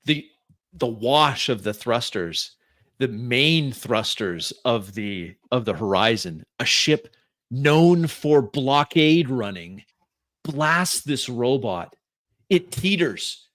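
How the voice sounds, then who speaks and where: Brief: male game master, unhurried descriptive narration, dry sound. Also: mid-range voice, lively intonation, a bit bright, no room sound. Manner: slow, deliberate descriptive narration with restarts.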